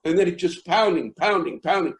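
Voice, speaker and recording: Gruff older American comic, a bit high-pitched, rambling and then yelling. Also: male voice, lively intonation, brisk, low-quality recording. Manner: rambling, with restarts that build into yelling. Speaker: comedian. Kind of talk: storytelling interview.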